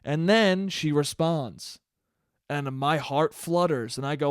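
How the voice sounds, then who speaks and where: A young man hosting a solo podcast, telling a story in a profane, animated way and breaking into laughter. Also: a little high, measured pace, smooth, dry recording, studio quality. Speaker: podcast host. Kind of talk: casual solo podcast monologue.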